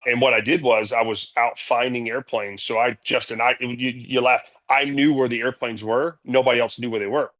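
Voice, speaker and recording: A man, a company CEO, telling stories as a guest in a casual interview, energetic and blunt, swearing freely. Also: mid-range voice, normal speed, hardly any pauses.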